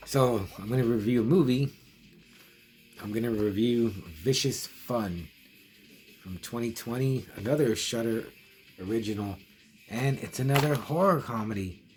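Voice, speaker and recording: With music in the background, a middle-aged man of medium pitch and darkish tone casually recounts a long story for his horror review vlog. He keeps a moderate pace but rambles, restarting and adding quoted asides.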